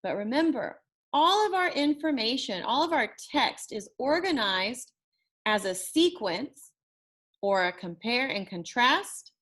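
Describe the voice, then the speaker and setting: Here a woman teacher with a fairly high, sing-song voice and a fairly bright tone leads a recorded lesson. Her pace is unhurried and warm; she says words again, elongates sounds to demonstrate them, and lingers over each compliment.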